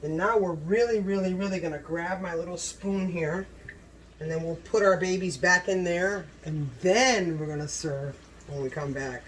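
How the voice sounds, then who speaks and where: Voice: mid-range voice, normal speed, a bit bright, a little hiss or hum. Gushing cooking vlog host. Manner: effusive, gushing, exclaims often. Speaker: home cooking channel host. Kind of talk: casual cooking vlog, talking to camera.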